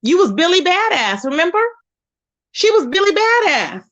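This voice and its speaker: A woman hosting a casual livestream, telling stories in an animated, expressive way with loud exclamations. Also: very high-pitched, normal speed, lo-fi sound. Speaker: livestream host.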